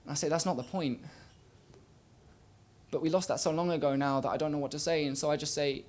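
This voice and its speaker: Young man, spoken word poet, fairly high voice, rhythmic delivery, loud-to-hushed swings, small live stage. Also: fairly even intonation, brisk. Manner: rhythmic, swings from loud bursts to quiet murmurs.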